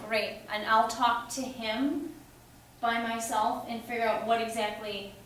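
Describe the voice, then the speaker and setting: A woman's voice: fairly high pitch, steady tone, a little slow, a bit bright. A woman, a dancer at rehearsal, speaking tentatively and agreeably, recorded from across an echoey studio theatre. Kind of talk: rehearsal chat. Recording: echoey room from far off, faint noise.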